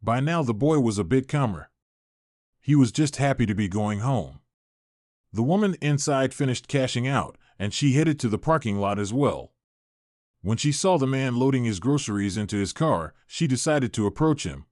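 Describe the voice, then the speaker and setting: A man's voice: medium pitch, animated, normal speed, a little mellow, no echo. Male narrator, dry close sound. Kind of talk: scripted storytelling narration.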